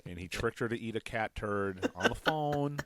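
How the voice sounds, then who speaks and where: Lively, rambling comedy podcast host, a man. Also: on the low side, normal speed, no echo. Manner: rambling storyteller, self-mocking. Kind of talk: casual comedy chat.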